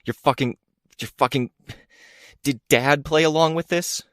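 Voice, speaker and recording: A man's voice: a little high, measured pace, fairly bright tone, dry recording, studio quality, pitched above the performer's own voice. Audiobook: male reader doing a distraught young woman, strangled whisper, accusing. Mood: bitter whisper. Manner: bitter, breathless, accusing. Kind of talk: audiobook character reading.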